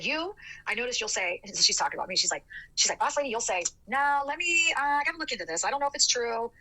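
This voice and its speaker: A woman's voice: medium pitch, sharp tone, slightly rough, low-quality recording. A woman on a livestream, rambling and defensive as she tells her side of a story. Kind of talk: livestream rant.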